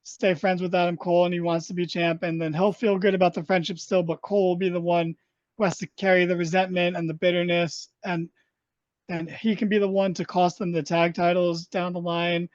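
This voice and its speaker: A man's voice: high voice, level tone, normal speed, no echo. Podcast co-host, male, rambling and jokey, recorded dull and dry. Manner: rambling, jokey, many fillers and restarts. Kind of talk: casual chat.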